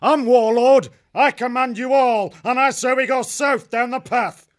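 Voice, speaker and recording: A man voicing a brutal, swaggering male ferret warlord who talks in a rough, slangy, taunting way. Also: very high voice, fairly even intonation, unhurried, voice pushed up.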